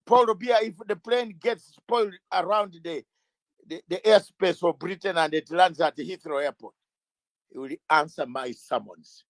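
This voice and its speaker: High-voiced man firing rhetorical questions. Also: a little slow, no room sound. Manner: emphatic, fires rhetorical questions, raises voice; stumbles and restarts words. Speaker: interview guest, legal campaigner. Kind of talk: impassioned interview talk.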